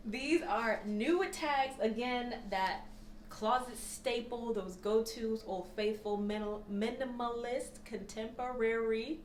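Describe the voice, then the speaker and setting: A woman's voice: on the high side, slow, slight background noise. A young woman chatting casually about her thrift haul for resale, gushing and laughing often. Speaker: reseller vlogger. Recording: echoey room.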